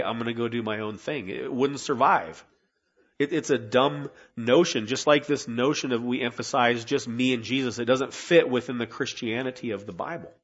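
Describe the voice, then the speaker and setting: A male pastor delivers a sermon from the pulpit in an earnest, conversational manner, repeating words as he restarts his thoughts. His voice sits in a middle pitch, and the recording is a little dull. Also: fairly bright tone. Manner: earnest, conversational preaching with frequent restarts and rhetorical questions. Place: church sanctuary.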